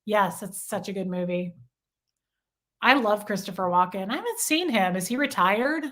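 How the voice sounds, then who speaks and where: A woman's voice: medium pitch, expressive, normal speed, fairly bright tone. Chatty woman hosting a livestream. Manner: gushing, chatty, reads viewer comments aloud. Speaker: livestream host. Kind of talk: casual livestream chat.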